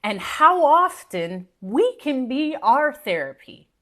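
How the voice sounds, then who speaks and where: Animated high-voiced woman, live-stream pep talk. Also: slow. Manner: animated, preachy and playful, talks to viewers directly. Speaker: motivational speaker and live-stream host.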